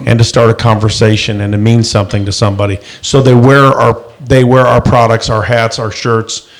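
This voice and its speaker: A man's voice: mid-range voice, little pitch movement, brisk. A man co-hosting a casual talk show, blunt and joking as he chats with friends. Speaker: podcast co-host. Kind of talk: casual chat.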